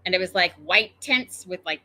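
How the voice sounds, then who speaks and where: A woman's voice: fairly low pitch, lively intonation, normal speed, bright, forceful tone. A woman hosting her own show, telling a personal story in a chatty, meandering way full of tangents and fillers. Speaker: show host.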